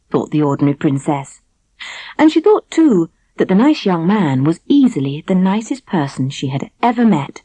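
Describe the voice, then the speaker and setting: A woman narrating a children's storybook audiobook in an expressive reading voice, close to the mic. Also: deep voice, moderate pace, no room sound, poor audio.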